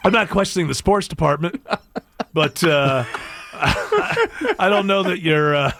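Male radio host, joking, fairly high voice, animated delivery. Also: a little slow, vocal fry, no echo, clean studio sound. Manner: joking, laughs often, animated. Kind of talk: casual radio banter.

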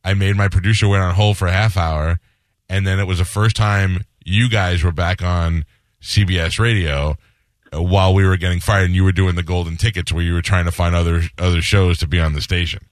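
Middle-aged male radio host, low voice, dry close sound, animated storyteller who mimics people. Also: a little fast, dry recording. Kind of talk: casual storytelling interview.

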